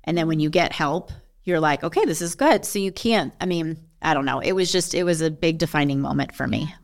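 A woman's voice: low voice, a little fast. A middle-aged woman telling a personal story as a podcast guest, earnest and emotional, with rambling sentences. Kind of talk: candid personal conversation.

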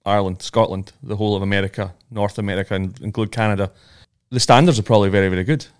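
A man's voice: on the low side, fairly even intonation, racing, clean tone. A man co-hosting a podcast, talking in a rambling, friendly way with many restarts. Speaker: podcast co-host. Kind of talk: casual chat.

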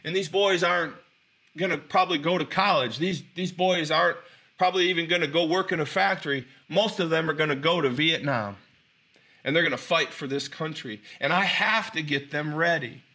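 A man doing a calm, firm father and coach. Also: on the high side, moderate pace. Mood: earnest.

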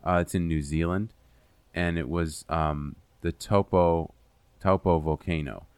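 A man's voice: low-pitched, steady tone, a little slow, a little mellow, clean tone, no room sound. A man hosting a casual podcast, explaining a science topic in a rambling, self-deprecating way with lots of fillers and swearing. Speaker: podcast host presenting the topic.

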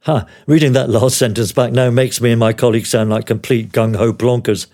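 An older man from Australia reads his memoir as a relaxed narration, voice sitting at an ordinary middle pitch. His delivery is wry and dryly funny, a former news producer looking back on his career. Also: brisk. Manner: wry, dryly humorous storytelling. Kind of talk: memoir read aloud as narration.

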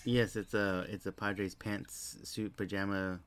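Male podcast co-host, lowish voice, easygoing delivery with a sarcastic edge. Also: little pitch movement, unhurried, a bit bright, clear, resonant tone. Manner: laid-back, dry sarcastic humor. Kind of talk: casual podcast chat.

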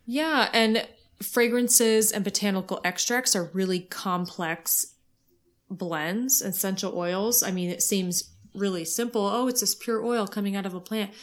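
A woman's voice: medium pitch, measured pace. A woman co-hosting a beauty science podcast, speaking earnestly and giving recommendations. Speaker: podcast co-host. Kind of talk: casual science podcast chat.

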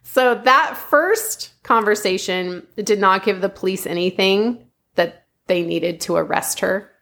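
A woman's voice: medium pitch, unhurried, gravelly, fairly bright tone. A woman host telling a true-crime story in a casual, chatty way, often laughing and saying "like". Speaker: podcast host.

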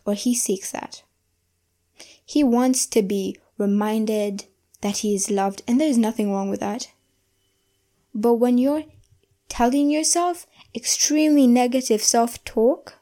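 A young woman talks through a solo podcast episode in an earnest, reflective voice. Her tone is mellow and a touch high, and she slows down to lean on the phrases that matter to her. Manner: earnest and reflective, slowing down to stress key phrases. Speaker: podcast host. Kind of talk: casual solo podcast monologue.

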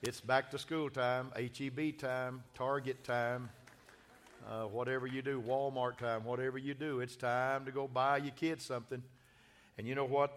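A man, a pastor giving a church sermon and announcements in a folksy, joking, exuberant way. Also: mid-range voice. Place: church sanctuary.

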